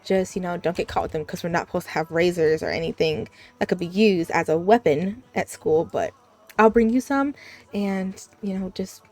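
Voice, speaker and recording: A young woman voicing a kindly, caring grandmother in a life-simulation game, speaking gently and reassuringly. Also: on the low side, moderate pace, voice pushed down, close to an everyday voice.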